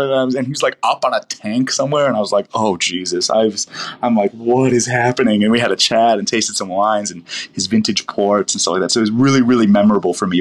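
A man from the United States, a wine professional, telling long rambling stories in a casual interview, full of fillers and restarts. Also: lowish voice. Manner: rambling, self-interrupting storyteller with many fillers.

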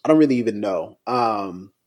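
A man's voice: fairly low pitch, lively intonation, moderate pace, darkish tone, dull audio. A man co-hosting a podcast, talking casually and emotionally, often stopping and restarting his sentences in frustration. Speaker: podcast co-host.

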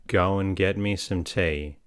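A man reading the lines of a sickly, peevish young woman in a storybook, complaining and sharp-tempered. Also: low-pitched, fairly even intonation, takes it slowly, smooth, no echo, clean studio sound.

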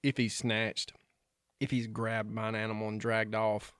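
A man's voice: on the low side, level tone, moderate pace, a bit bright, smooth, dry recording, studio quality. A man co-hosting a podcast in casual chat, a joking storyteller with folksy slang. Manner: chatty storyteller, joking, Southern-flavored slang. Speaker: podcast co-host.

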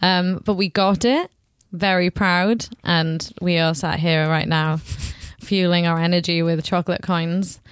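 Chatty female podcast host, low voice. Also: steady tone, a little slow, hardly any pauses, smooth, dry recording. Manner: chatty, laughs often. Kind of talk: casual podcast chat.

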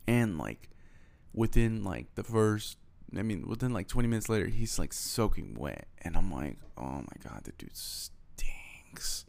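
A man's voice: lowish voice, unhurried, creaky. A young man from Houston telling a rambling, profane story in a casual monologue, acting out both sides of the conversations he recounts. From Houston, Texas. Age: young adult. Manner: rambling, profane, animated retelling with quoted dialogue.

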